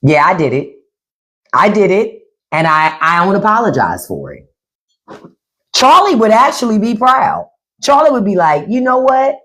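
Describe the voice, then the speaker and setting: A woman hosting a casual livestream, talking bluntly and profanely with animated delivery. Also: medium pitch, measured pace, pauses often. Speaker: podcast host on a livestream.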